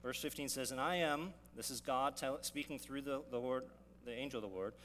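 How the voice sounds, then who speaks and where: A man's voice: mid-range voice, steady tone, brisk, a bit bright. Preaching man in a reverberant hall. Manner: teaching, asks rhetorical questions, restarts and self-corrections. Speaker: pastor. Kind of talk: sermon. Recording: long reverb of a hall, faint hum.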